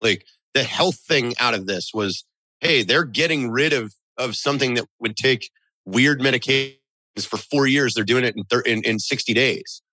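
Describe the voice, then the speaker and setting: A man's voice: mid-range voice, normal speed, pushed and bright, no room sound, low-quality recording. A man chatting casually and playfully on a podcast. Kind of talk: casual chat.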